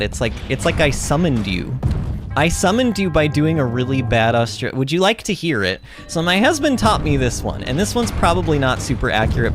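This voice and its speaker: A woman streaming a video game and chatting casually with her viewers, talking in a bubbly way with lots of fillers and restarts. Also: very deep voice. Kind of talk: casual livestream chat while playing.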